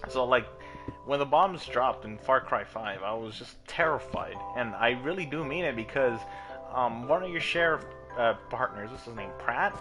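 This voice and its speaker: A man hosting his own gaming video, his speech rambling and full of swearing and sudden excited outbursts. His pitch sits in an ordinary middle range. Clear game music plays behind him the whole time. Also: normal speed. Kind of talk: casual gameplay commentary and rant.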